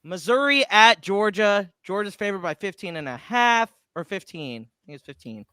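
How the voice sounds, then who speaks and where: A man with a high, bright, ringing voice talks sports picks in a loose podcast chat. He is excitable and often restarts his sentences. The sound is close and dry. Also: moderate pace, clear, resonant tone, no echo. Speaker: podcast co-host.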